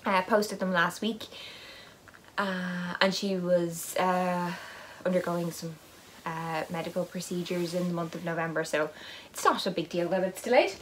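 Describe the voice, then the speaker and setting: A woman's voice: lowish voice, steady tone, a little slow, a little hiss or hum. A woman who hosts a knitting podcast, talking in a casual, rambling vlog with self-deprecating asides as she unboxes advent yarn. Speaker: knitting vlogger and podcast host.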